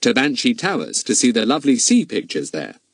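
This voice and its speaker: Polite serious schoolboy sleuth, read by a man, lively ups and downs. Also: mid-range voice, brisk, vocal fry, no room sound, voice pushed up, exaggerated voice.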